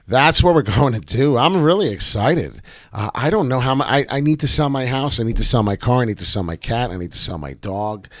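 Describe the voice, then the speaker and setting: A man hosting a crypto livestream, reading price charts in a profane, excitable way that swings between loud bursts and low mutters. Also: dry recording. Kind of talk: profane, excitable market commentary.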